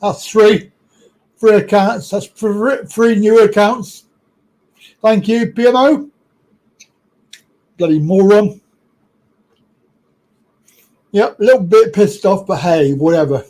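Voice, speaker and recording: A man's voice: high voice, slow, pauses often, a little mellow, poor audio. A British man hosting a live stream, talking casually and bluntly with lots of swearing.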